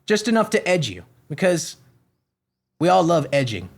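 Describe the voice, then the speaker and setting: A man's voice: fairly high pitch, big pitch swings, normal speed, creaky. A man from Florida hosting a podcast, ranting in a profane, sarcastic, rambling comedic style. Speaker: podcast host. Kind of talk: comedic rant.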